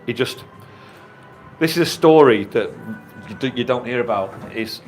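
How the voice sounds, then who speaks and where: A man's voice: medium pitch, animated, moderate pace, soft background music. A man in his fifties co-hosting a radio show, chatting casually as a jokey storyteller who swears freely. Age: 50s. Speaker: radio co-host. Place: radio studio.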